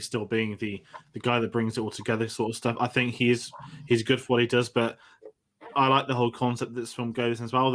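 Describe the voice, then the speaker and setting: A man's voice: mid-range voice, fairly bright tone. Chatty man hosting a film podcast. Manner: rambling, self-correcting, enthusiastic. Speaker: podcast host. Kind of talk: casual film discussion.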